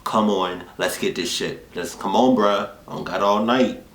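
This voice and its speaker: A man's voice: on the low side, moderate pace, slight background noise, natural voice. A man putting on a crude, growly fake-pirate voice to play a creepy grown man luring kids. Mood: crude pushy. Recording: echoey room.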